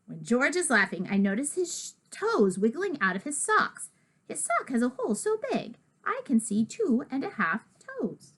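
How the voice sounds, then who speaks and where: A woman's voice: medium pitch, very animated, measured pace. A woman reading a children's book aloud in a playful first-person child's voice.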